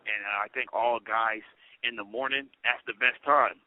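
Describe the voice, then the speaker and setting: A man's voice: mid-range voice, normal speed, dry recording. Man telling prison stories over a tinny phone line. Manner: animated storyteller, peppers talk with "you know". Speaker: guest, incarcerated comedian. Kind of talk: storytelling comedy chat. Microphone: prison phone call.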